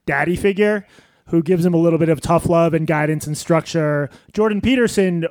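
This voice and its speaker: A man's voice: on the high side, a little fast, darkish tone, no room sound. A man co-hosting a podcast live on stage, dry and wry, often reading quotes aloud. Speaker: podcast co-host.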